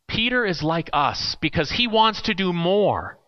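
A man's voice: high-pitched, very animated, unhurried, few pauses, muffled recording. A man preaching a sermon in a conversational way, with playful asides.

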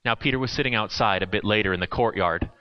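A man's voice: lowish voice, fast talker, highs cut off. A man preaching a sermon in a conversational way, with playful asides.

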